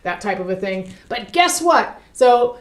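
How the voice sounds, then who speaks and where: A woman's voice: medium pitch, expressive, measured pace. A woman co-hosting an instructional podcast chat as a hypnotist, upbeat and conversational, turning to her partner for input. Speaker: hypnotist co-host. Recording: echoey room.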